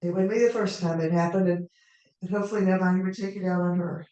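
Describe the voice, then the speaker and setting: A woman storyteller telling a tale in the first person as a character, in an unhurried, conversational way with asides to the audience. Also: lowish voice, fairly even intonation, dark tone, muffled recording. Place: live performance venue. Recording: echoey hall, mic far off.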